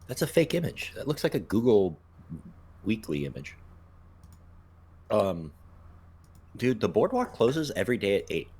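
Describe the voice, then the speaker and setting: A man with a deep voice and a husky, rough-edged tone, talking on a casual podcast. He is laid-back, swears now and then and drifts off mid-thought with ums. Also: wildly swooping pitch, unhurried, long pauses, a little mellow. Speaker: podcast co-host.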